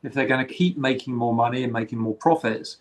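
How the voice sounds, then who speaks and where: A man's voice: mid-range voice, a little fast, low-quality recording. A man from England with a London accent, co-hosting a casual interview over a video call and rambling chattily through his stories. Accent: London English. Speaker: co-host.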